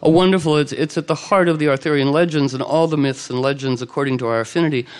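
A man telling an old legend to a live audience in a lively, conversational way, with quick asides and quoted character lines. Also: a little high, clear, resonant tone. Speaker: storyteller. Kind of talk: oral storytelling to a live audience.

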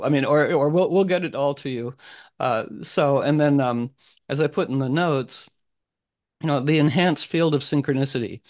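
A man hosts an online group call, rambling playfully in casual conversation and doing little voices in his stories. His voice is medium in pitch with a somewhat dark tone.

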